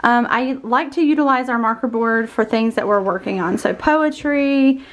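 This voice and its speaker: A woman's voice: a little high, fairly quick. A homeschooling mom vlogger, audibly out of breath, chatting casually as she walks through a room in her home to give a tour. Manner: chatty, warm-hearted tour guide walking through the room. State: winded, out of breath. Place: indoor room in a family home.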